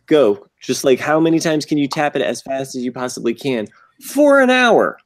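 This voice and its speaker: Jokey man with a lively, swinging pitch. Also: normal speed. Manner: jokey, riffs with playful comparisons. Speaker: podcast co-host. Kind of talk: casual chat.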